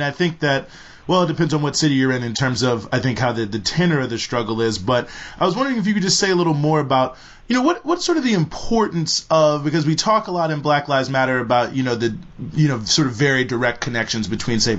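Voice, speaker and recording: A man's voice: mid-range voice, lively intonation, fast, a bit bright. Male radio interviewer, hesitant and searching, dull lo-fi sound.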